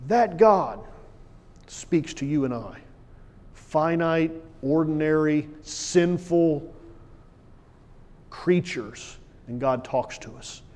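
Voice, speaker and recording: A male pastor preaching a sermon, with emphatic delivery that swings from loud declarations to hushed asides. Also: fairly high pitch, animated, takes it slowly, long pauses. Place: church sanctuary. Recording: long church hall reverb.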